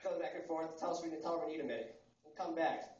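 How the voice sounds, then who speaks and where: A man in his twenties from the United States doing a stand-up comedy set at a coffee house, talking fast and crudely with rambling fillers. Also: a little high, a little mellow, slight background noise. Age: 20s. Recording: roomy, distant, muffled live recording.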